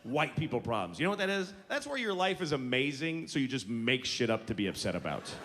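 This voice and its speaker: A man's voice: mid-range voice, very animated, a little fast, background noise. A male stand-up comedian doing a set on stage, profane, exasperated and mocking. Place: theater stage. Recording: big hall with a loud, laughing crowd.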